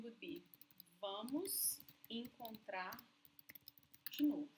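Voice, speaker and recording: A Brazilian woman in her young adult years teaches in a fairly high voice, with a Brazilian Portuguese accent. She speaks slowly and carefully and laughs often. A faint hiss sits under her voice. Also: lively intonation, fairly bright tone, low-quality recording. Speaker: language teacher. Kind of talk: language lesson.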